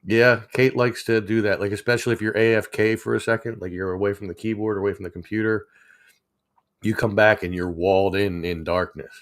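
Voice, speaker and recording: Low-voiced man rambling on a livestream. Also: fairly even intonation, a little fast. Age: 40s. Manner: rambling, chuckling, reading chat aloud. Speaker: livestream host. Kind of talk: casual live chat.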